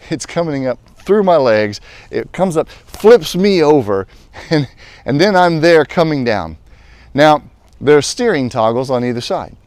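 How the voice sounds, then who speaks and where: A male pastor telling a personal story in a lively way, then turning earnest and reflective as he draws a lesson. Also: a little high, dry recording. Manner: animated storytelling, later calm and earnest. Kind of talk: storytelling devotional talk.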